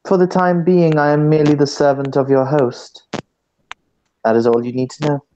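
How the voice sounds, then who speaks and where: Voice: mid-range voice, fairly even intonation, moderate pace, warm tone, lightly acted. Someone doing a formal Middle Eastern woman servant. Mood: cool formal. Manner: formal, clipped, unbothered. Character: cool mysterious woman servant in black. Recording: dull lo-fi mic with background hiss.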